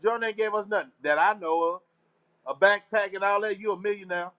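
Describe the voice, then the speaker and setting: A man's voice: sits high, fairly even intonation, brisk, sharp tone. A man from Texas, hosting a casual live talk show and rambling to his listeners in a slangy, preachy, conspiratorial way. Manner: slangy, repeats phrases. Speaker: show host.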